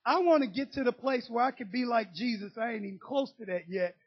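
A man's voice: very high voice, brisk, slightly rough, highs cut off. A man preaching a sermon in a colloquial, joking way that rises into emphatic declarations.

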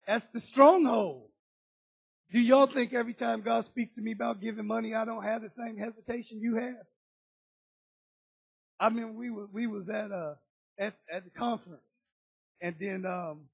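Very high-voiced husky male preacher. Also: fairly even intonation, normal speed, muffled recording. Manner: preaching with rising emphasis, colloquial asides and joking. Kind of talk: sermon.

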